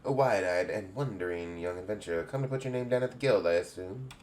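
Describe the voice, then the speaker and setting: A man's voice: deep voice, fast, darkish tone, slight background noise, close to an everyday voice. A man voicing a stately, motherly woman who heads an adventurers' guild, in a put-on English accent and grand, old-fashioned speech while reading game dialogue aloud.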